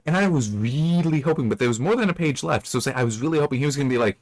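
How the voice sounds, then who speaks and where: A man's voice: medium pitch, animated, very fast, darkish tone. A man giving casual, rambling commentary on a book he has read, with frequent restarts and asides. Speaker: book reviewer.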